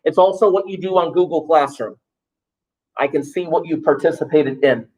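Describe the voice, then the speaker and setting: A wry male math teacher, talking to his class in a casual, joking way. His voice sits a bit high for a man, and he tosses in offhand, self-mocking asides. He is recorded in a classroom. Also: normal speed, a little mellow, low-quality recording. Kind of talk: classroom talk to students, livestreamed.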